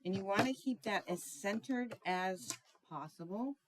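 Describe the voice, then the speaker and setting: A middle-aged woman hosting a casual card-making tutorial, chatty and sometimes searching for words, with frequent ums and throat clearing. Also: medium pitch, lively intonation, measured pace, background noise. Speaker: craft tutorial host.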